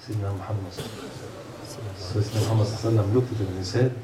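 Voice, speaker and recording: A man's voice: fairly low pitch, steady tone, racing, crowd noise. A man giving an earnest sermon, asking rhetorical questions and telling stories to a congregation. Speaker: preacher. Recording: echoey room, mic far off, faint hum.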